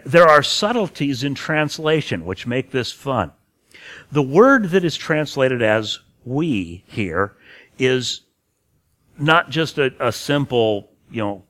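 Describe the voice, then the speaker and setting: This preacher has a mid-range, fairly bright voice and teaches a passage of scripture with real earnestness. He leans on key words and now and then begins a phrase again.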